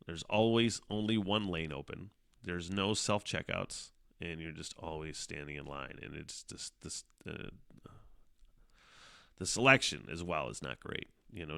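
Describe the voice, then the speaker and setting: A middle-aged man hosts a solo podcast in a casual, meandering way, swearing plenty and dropping frequent fillers and laughs. His deep voice carries vocal fry and a fairly bright tone, with clean, dry studio sound.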